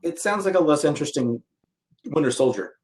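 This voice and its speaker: A man's voice: fairly high pitch, expressive, fast talker, darkish tone. A man co-hosting a podcast, chiming in with short, wry remarks in casual chat. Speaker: podcast co-host. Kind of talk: casual chat about comics and TV. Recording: echoey room.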